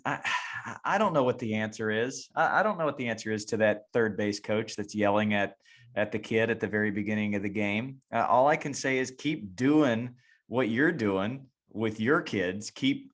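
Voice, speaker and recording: A man's voice: mid-range voice, normal speed, fairly bright tone. A man hosting a coaching podcast, speaking in a reflective, encouraging way. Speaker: podcast host. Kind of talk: casual chat.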